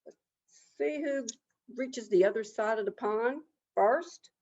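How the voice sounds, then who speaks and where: A woman's voice: slow pace, a little mellow. A woman voicing a proud, crafty male turtle who is indignant and scheming, in an oral folk tale, on a dull lo-fi recording. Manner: indignant then sly, shifting between high exclamations and muttered asides.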